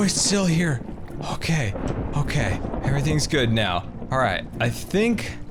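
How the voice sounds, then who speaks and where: A man hosting a casual gameplay video, thinking aloud and squealing high in panic when things go wrong. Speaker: Minecraft let's play host.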